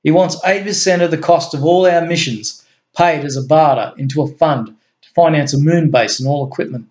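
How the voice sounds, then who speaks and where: A man's voice: on the high side, a little fast, a little mellow, dull audio, lightly acted. A man voicing an earnest male agency chief in a homemade story reading, explaining things in an eager, insistent way. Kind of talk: amateur story reading with voices.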